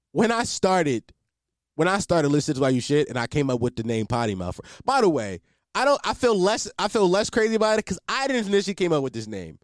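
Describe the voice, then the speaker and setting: A man's voice: a little high, dry recording, studio quality. A man in his twenties hosting his own podcast, talking casually in a rambling, profane way with many restarts. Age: 20s. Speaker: podcast host. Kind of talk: casual solo podcast chat. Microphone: close podcast mic in a home setup.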